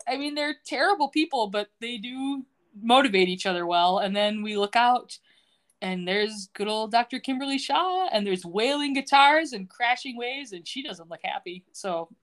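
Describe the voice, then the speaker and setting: A woman co-hosting a podcast, recapping a TV episode in casual chat, laughing often and quoting the characters. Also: a little high. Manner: laughs often, retells scenes in quoted voices. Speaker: podcast co-host.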